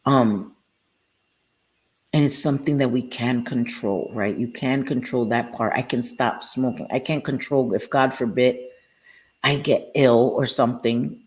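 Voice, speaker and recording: A woman's voice: extremely low pitch, a little mellow. Earnest woman hosting a live stream. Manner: earnest, heartfelt, reads out viewers' names. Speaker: live-stream host sharing her recovery story. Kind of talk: candid casual talk to viewers.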